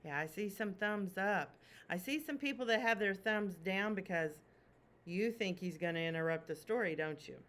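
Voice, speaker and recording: A woman teacher reading a picture book aloud to children, expressive and asking them questions. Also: medium pitch, normal speed.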